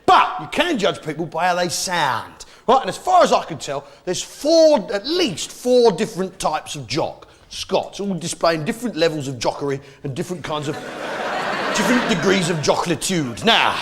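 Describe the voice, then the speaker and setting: A man's voice: high voice, big pitch swings, normal speed, fairly bright tone. A man doing a brash stand-up comedy routine, full of rhetorical questions, with a crowd heard behind. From England. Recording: live comedy club crowd.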